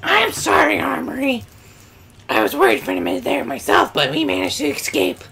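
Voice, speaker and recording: An earnest young boy in armor, as a woman plays him, high and gravelly with a heavy creak. He reads game dialogue in a light fan-dub manner, joking between lines. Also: moderate pace, fairly bright tone, heavily acted.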